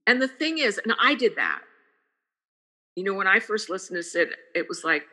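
A woman's voice: mid-range voice, lively intonation, normal speed, long pauses, pushed and bright, slightly rough, big-room sound. An older woman, a guest in a casual interview, speaking earnestly and repeating phrases for emphasis. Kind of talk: casual conversation.

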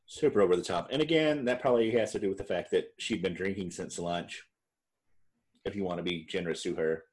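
Low-voiced man in rambling casual chat. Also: a little fast, a little mellow. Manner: rambling, self-correcting, laughs often. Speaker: podcast co-host.

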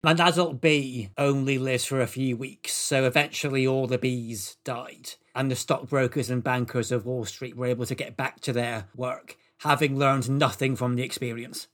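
A man presenting a comedic podcast, reading absurd made-up facts in a deadpan, matter-of-fact way. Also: mid-range voice, normal speed, few pauses.

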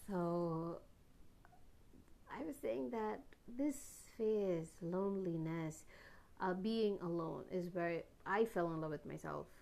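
A young woman in a personal vlog, speaking earnestly and rambling through her thoughts. She restarts her sentences often and now and then jumps to sudden loud bursts before dropping soft again. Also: lowish voice, slow, gravelly. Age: young adult. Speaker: vlogger. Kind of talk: personal reflective monologue.

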